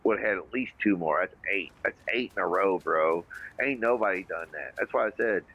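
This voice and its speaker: A man's voice: low-pitched, fairly quick, fairly bright tone, slightly rough, highs cut off. A man from Kentucky hosting a casual livestream chat, profane and jokey, often mimicking other people. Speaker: podcast host.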